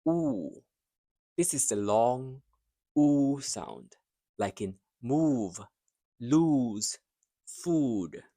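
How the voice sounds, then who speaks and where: A man teaching English pronunciation, carefully modelling words and phrases, then pausing so learners can repeat after him. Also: medium pitch, dark tone, dry recording, clean studio sound. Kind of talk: slow, deliberate pronunciation drill.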